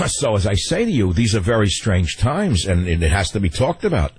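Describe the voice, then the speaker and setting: Husky man ranting on talk radio. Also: lowish voice, big pitch swings, poor audio. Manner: fast, emotional ranting that runs over its words. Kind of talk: political talk radio monologue.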